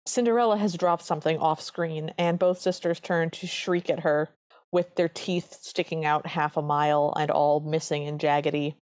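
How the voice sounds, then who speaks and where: A woman's voice: low-pitched, steady tone, moderate pace, darkish tone, dry recording, studio quality. A woman co-hosting a podcast, chatting earnestly as she reviews an old cartoon. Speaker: podcast co-host. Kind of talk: casual chat reviewing a cartoon.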